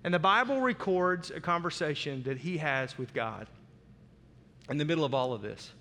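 A man's voice: a little high, expressive, moderate pace, bright, forceful tone, in a large hall, slight background noise. A man preaching a sermon as pastor, emphatic and dramatic, with repeated phrases.

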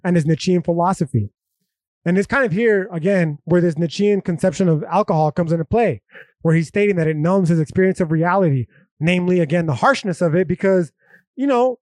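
A man's voice: high voice, fairly quick, a little mellow, dry recording. A young man hosting a philosophy podcast, talking in a profane, slangy, emphatic casual monologue. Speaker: podcast host.

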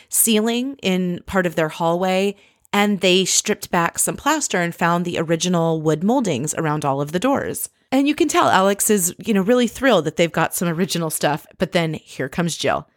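Woman recapping a reality show, chatty, wry, lowish voice, dry close sound. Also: dry recording. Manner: chatty, wry, laughs often. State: married. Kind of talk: casual episode recap.

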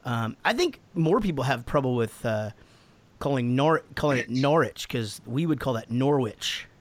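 A man's voice: mid-range voice, expressive, moderate pace. An American man in casual podcast chat, answering fan questions with lots of laughing, swearing and restarts. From United States. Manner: laughing, profane, rambling with restarts.

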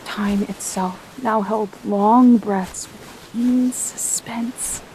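A woman narrating a theatrical audio drama, telling it dramatically and slowing down for suspense. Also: mid-range voice, fairly even intonation, darkish tone, a little hiss or hum, rough recording. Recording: music bed under the voice.

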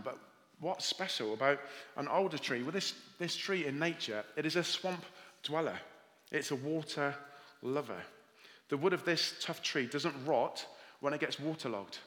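A man with a Welsh accent preaching a sermon as pastor, telling stories and reading scripture aloud. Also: medium pitch. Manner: warm storytelling with scripture readings. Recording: long hall reverb.

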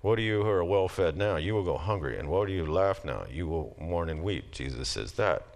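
Brisk and animated, a middle-aged man's low, creaky, darkish voice carries a casual lecture. He shifts from plain conversation into emphatic scripture readings, his emphasis rising as he reads passages aloud.

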